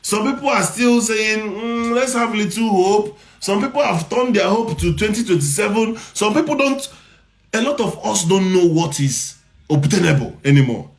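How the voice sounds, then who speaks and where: A man's voice: high-pitched, animated, normal speed, gravelly. A man with a Nigerian accent giving impassioned commentary, repeating his points and firing rhetorical questions. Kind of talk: impassioned social media commentary.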